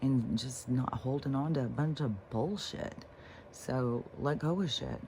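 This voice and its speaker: Mellow-voiced woman rambling about healing. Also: a bass voice, a little hiss or hum. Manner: rambling, swears casually, many fillers and restarts; slow, unhurried delivery. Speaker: spiritual vlogger. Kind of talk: casual unscripted talk.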